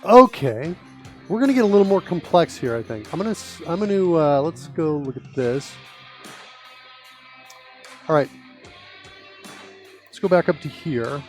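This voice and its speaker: A man's voice: on the high side, animated, a little slow, pauses often, darkish tone, faint music behind. A middle-aged man hosting a live coding stream, talking casually and rambling with many fillers. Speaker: host.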